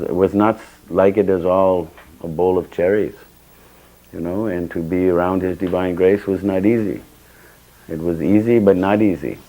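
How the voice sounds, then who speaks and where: In a temple hall, an older man leads a scripture class, sharing stories from his own life and acting out the dialogue with sudden bursts of emphasis. His voice is deep and warm, though the recording is rough.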